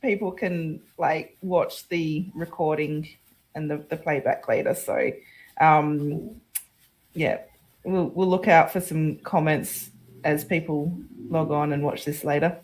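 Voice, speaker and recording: A woman hosts a web panel over a video call and speaks in an unhurried, easygoing way. Her voice sits on the low side, and she drops in lots of short acknowledgements. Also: steady tone, a little mellow, rough recording. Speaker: host.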